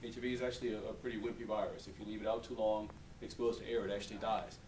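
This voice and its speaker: A man's voice: lowish voice, level tone, very fast, a little mellow. A man explaining health facts to an audience in an informal way, with frequent fillers. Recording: echoey room, distant mic, audible noise.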